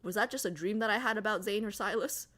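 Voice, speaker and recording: A woman's voice: mid-range voice, fast, sharp tone. A woman streamer in casual livestream chat, chatty and giggly, reading viewer comments aloud.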